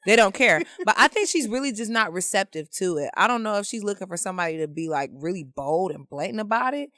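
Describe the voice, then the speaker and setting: A woman guest on a casual podcast, calmly reasoning through her opinion in a debate. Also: medium pitch, fast, no room sound, clean studio sound.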